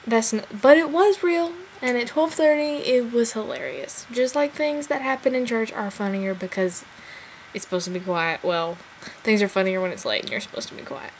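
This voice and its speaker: Lively young woman telling a story. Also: moderate pace, slight background noise, rough recording. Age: 20s. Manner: animated, big pitch swings, chatty. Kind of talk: casual personal storytelling.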